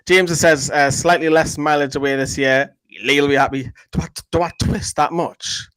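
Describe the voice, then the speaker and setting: A man's voice: a little high, steady tone, a bit bright, clean tone, no room sound, low-quality recording. A man co-hosting a fan channel, reading viewer comments in rambling casual chat. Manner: chatty, rambling, quick to joke.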